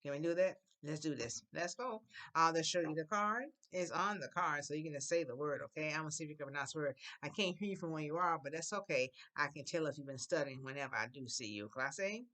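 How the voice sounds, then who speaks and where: A woman teaching a children's Spanish class, slowly modeling phrases for the class to repeat and coaxing them along. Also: deep voice, a bit bright. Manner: coaxing and encouraging.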